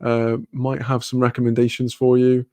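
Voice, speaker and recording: A man's voice: mid-range voice, completely flat delivery, moderate pace, warm tone, no echo. A man with a British accent chatting casually on a live stream, reading comments aloud, rambling, laughing often and swearing freely.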